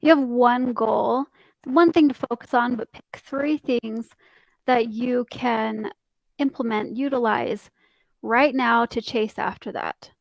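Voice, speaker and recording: A woman's voice: on the high side, slow, vocal fry, dry recording, poor audio. A woman life coach on a casual podcast, upbeat and chatty, laughing often as she explains her ideas. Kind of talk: casual motivational podcast chat.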